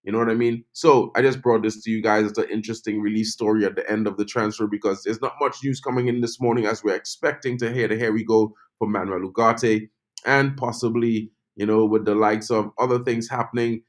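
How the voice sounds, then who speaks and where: A man's voice: lowish voice, steady tone, brisk. A man hosting a casual live-stream football chat, talking loosely with lots of "you know" and reading viewer comments aloud. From Trinidad and Tobago. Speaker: football channel host.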